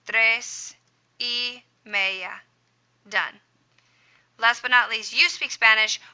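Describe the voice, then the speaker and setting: A woman's voice: medium pitch, bright, forceful tone. A woman teaching a Spanish grammar lesson over a screen recording, upbeat and encouraging, dropping little sound effects as she writes.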